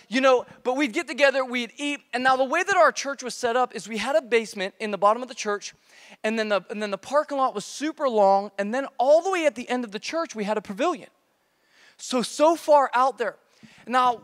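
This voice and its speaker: A man preaching a casual youth sermon as pastor, energetic and joking, recorded live in a church. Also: very high-pitched. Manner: energetic, playful, joking with repeated slang. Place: church auditorium, live service. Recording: long reverb of a church hall.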